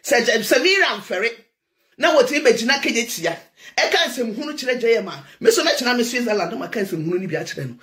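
A Ghanaian woman with a Ghanaian accent, a preacher, delivering a loud, teasing political rant with frequent laughter. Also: a little high, lively intonation, fairly quick. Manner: loud, teasing, laughing, switches between Twi and English.

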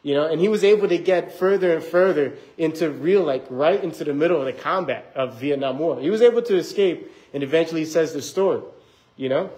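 A man's voice: fairly high pitch, brisk, a little mellow, low-quality recording. A young adult man preaching a casual, rambling sermon in a church, reading scripture and acting out the people in his stories. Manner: rambling, conversational, acts out quoted voices.

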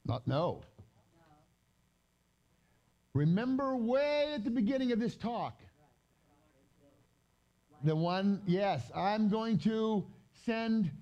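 Lively, mellow-voiced man teaching scripture. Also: high voice, muffled recording. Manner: reads scripture aloud slowly, then explains it in loose chatty asides. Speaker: Bible teacher. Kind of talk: conversational Bible teaching with slides. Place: gathering hall during a live-streamed event.

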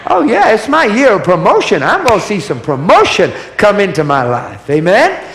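A man's voice: high-pitched, wildly swooping pitch, normal speed, a bit bright, reverberant. A man preaching a sermon to a congregation, emphatic and repetitive, calling for answers from the crowd. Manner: emphatic, repetitive, call-and-response.

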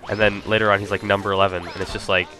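A man's voice: fairly low pitch, little pitch movement, rapid-fire, over music. A man casually commenting on his own speedrun, rambling with lots of "like" and "um". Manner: rambling, full of "like" and "um".

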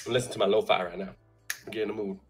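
A young man hosting a basketball show, talking with hyped, shouty bursts between laid-back asides. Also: lowish voice, steady tone, quick pace, music in the background. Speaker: show host.

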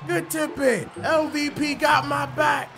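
A man giving excited gameplay commentary, hyping plays and often shouting. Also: very high voice, unhurried, gravelly, music in the background. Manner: hypes plays with frequent shouting. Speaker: gaming video creator.

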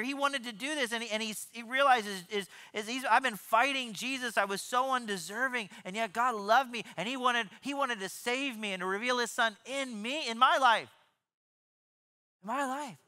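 A man giving a sermon as pastor, animated, often repeating and restarting words and acting out quoted voices. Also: very high-pitched. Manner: acts out quoted voices in his preaching.

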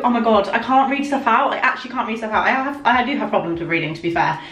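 A woman's voice: fairly high pitch, fast talker, few pauses, fairly bright tone. Chatty young woman vlogging at home. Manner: chatty, self-mocking, giggly. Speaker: beauty vlogger. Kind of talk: casual vlog chat. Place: home bedroom at a mirror. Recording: echoey room.

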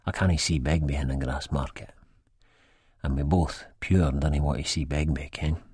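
Deep husky Scottish man, first-person audiobook reader, dry close sound. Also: steady tone, moderate pace, a little mellow, no room sound. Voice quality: broad dialect delivery, sweary and blunt. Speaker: audiobook narrator.

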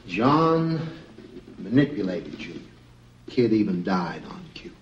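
A man's voice: deep voice, very animated, slow pace, muffled recording, background noise, heavily acted. An actor playing an older, blunt and doting Texas oilman father, folksy and scornful. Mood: gruff, scornful. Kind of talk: TV film drama acting.

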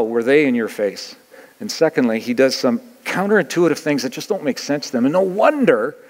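A man preaching a sermon as pastor, asking his listeners questions and acting out crowd quotes. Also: a little high. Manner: asks the congregation questions, acts out crowd quotes. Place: church sanctuary. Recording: long church reverb.

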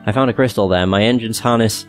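A man's voice: lowish voice, fast talker, faint music behind, lightly acted. A man voicing a stern, headstrong young woman inventor, reading her lines in a plain, unvoiced reading tone in a fantasy video game. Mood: subdued.

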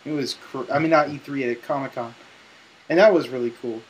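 A man's voice: mid-range voice, fairly quick, poor audio. Chatty male interview host. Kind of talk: casual interview chat.

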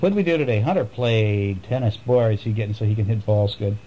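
A father reading a bedtime storybook to his children at home, chatting gently and coaxing them with questions. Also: lowish voice, lively intonation, fast, slight background noise, low-quality recording.

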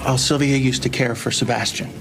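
A man's voice: mid-range voice, fairly even intonation, brisk, over music, natural voice. An actor playing a polite, hesitant father meeting strangers in a TV scene. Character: polite awkward white father at a funeral.

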